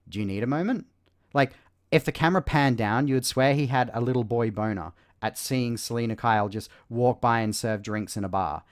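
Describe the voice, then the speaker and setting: Exasperated man giving a casual film review. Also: medium pitch. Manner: exasperated, sarcastic critique with many fillers.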